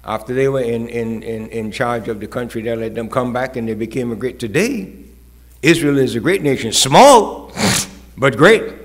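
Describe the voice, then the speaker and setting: A man's voice: medium pitch, expressive, moderate pace. A male pastor preaching a sermon, with rising, emphatic calls and acted-out quotes.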